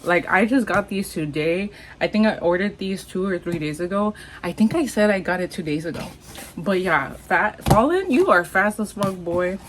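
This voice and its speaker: Young Texan woman, casual unboxing vlogger, excitable and foul-mouthed, faint background noise. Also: mid-range voice, normal speed, rough recording. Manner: hyper, excitable, swears a lot, squeals. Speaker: vlogger unboxing masks and merch.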